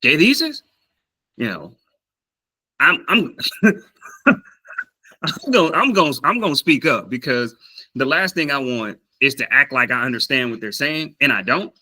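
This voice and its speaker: A Southern US man with a medium-pitched voice speaks unhurriedly, with long pauses, in a poorly recorded casual vlog about learning a language. Animated as he tells his story, he acts out quoted voices and uses many fillers and restarts.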